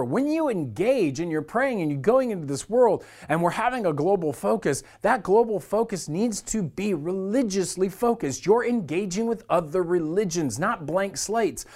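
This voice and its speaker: A man preaching a sermon as a church pastor, talking to the congregation in an earnest, conversational way. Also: high voice.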